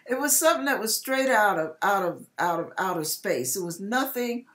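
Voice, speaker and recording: A woman hosting her own channel shares a heartfelt personal testimony, sometimes close to tears, and quotes her own exclamations as she tells it. Her medium-pitched, slightly bright voice has lively intonation and a moderate pace.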